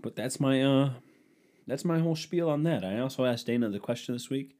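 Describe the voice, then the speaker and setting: A man's voice: mid-range voice, a little fast, dark tone. A young man hosting a solo podcast, ranting sarcastically and crudely in a rambling way. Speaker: podcast host. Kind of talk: solo comedic rant.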